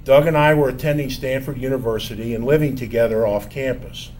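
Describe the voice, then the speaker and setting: An older man telling a personal story from his college years in a measured, wry, self-mocking way. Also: medium pitch, fairly even intonation, a little mellow, a little hiss or hum.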